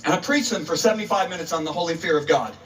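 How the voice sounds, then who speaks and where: A man's voice: fairly high pitch, rapid-fire, fairly bright tone, a little hiss or hum. A male preacher telling a story in a sermon, dramatic and emphatic, acting out the voices, recorded on a distant mic. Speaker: preacher, guest speaker.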